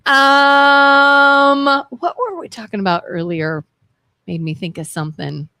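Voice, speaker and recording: Animated woman co-host, lively pitch. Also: takes it slowly, no room sound. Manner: animated, playfully defensive. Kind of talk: casual talk show banter. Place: live-streamed studio.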